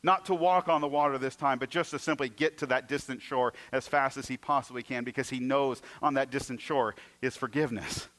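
A man preaching a sermon, retelling stories with acted-out voices and moving between emphatic passages and hushed ones. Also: medium pitch, fairly even intonation, brisk, few pauses. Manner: storytelling, acting out scenes in varied voices; swings from loud and emphatic to hushed. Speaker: pastor.

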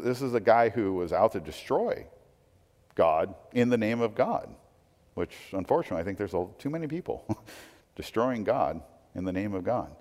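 Conversational preacher in a reverberant hall. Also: male voice, lowish voice, darkish tone. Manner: conversational preaching, frequent "right?" asides. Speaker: pastor. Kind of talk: sermon.

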